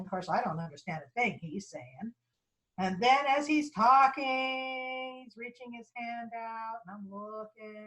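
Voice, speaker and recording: A woman lecturer telling a personal story, with halting restarts and repeated phrases, acting out the people she quotes. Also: medium pitch, poor audio. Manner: animated, voices the people in her story.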